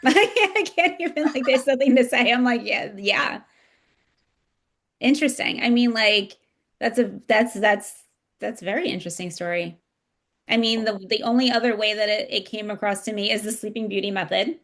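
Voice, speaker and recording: A woman's voice: fairly high pitch, brisk, fairly bright tone. Woman, podcast host, casual chat, rambling, enthusiastic, filler-heavy.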